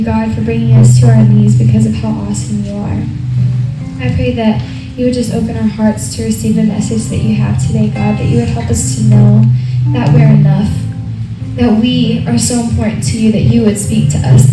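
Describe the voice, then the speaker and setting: A woman singing a slow worship song softly. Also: on the high side, little pitch movement. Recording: echoey room from far off, with guitar.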